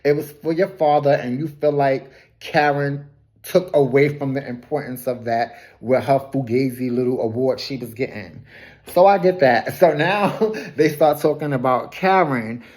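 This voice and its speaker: A woman's voice: very deep voice, moderate pace, a little mellow. A woman giving a casual, gossipy recap of a reality TV episode, laughing often, throwing shade and correcting herself as she goes. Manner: loose colloquial phrasing with frequent self-corrections.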